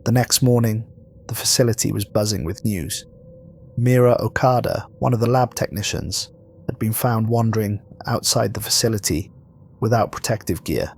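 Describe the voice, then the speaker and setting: A man reading a scripted horror story in a measured, somber way. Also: lowish voice, vocal fry, a little mellow, a little hiss or hum. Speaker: narrator.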